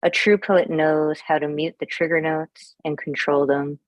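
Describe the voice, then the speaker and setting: Low-pitched female poet, steady recitation, dry muffled call sound. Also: measured pace, dry recording. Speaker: poet performer. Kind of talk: poetry reading. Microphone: video call.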